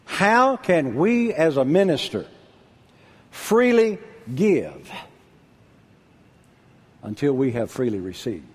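An older man preaching a sermon, husky-voiced, dropping to a hush and then calling out loud. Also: on the high side, slow pace, pauses often. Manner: animated preaching, drops to a hush then shouts out. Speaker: pastor.

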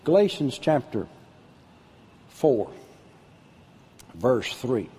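An older man preaching a sermon, husky-voiced, dropping to a hush and then calling out loud. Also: medium pitch, extremely slow. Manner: animated preaching, drops to a hush then shouts out. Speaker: pastor.

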